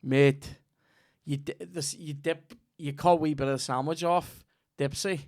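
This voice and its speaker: A man's voice: fairly high pitch, fairly even intonation, measured pace, a little mellow, no room sound, studio quality. A man with a Northern Irish accent hosting a comedy podcast, rambling through a sweary, jokey ad read.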